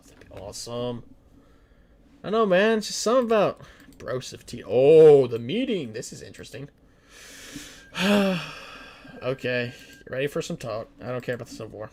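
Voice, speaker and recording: A man's voice: medium pitch, moderate pace, pauses often, darkish tone. A man streaming a strategy game in a casual way, reading the game's text aloud, stumbling over words and joking in between. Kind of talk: strategy game livestream commentary.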